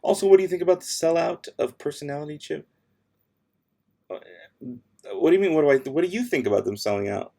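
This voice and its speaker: Man, gravelly voice, livestream host reading chat, offhand, sassy, relaxed. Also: fairly high pitch, quick pace, long pauses. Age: adult with kids. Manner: offhand and sassy, answering chat between tasks. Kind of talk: casual livestream chat, reading viewer questions. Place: home room, late at night.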